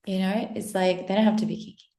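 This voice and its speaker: A woman's voice: medium pitch, steady tone, fast, dark tone. Passionate, blunt woman coach in an echoey room. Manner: passionate, blunt, swears freely. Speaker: self-help coach. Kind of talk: direct-to-camera motivational talk.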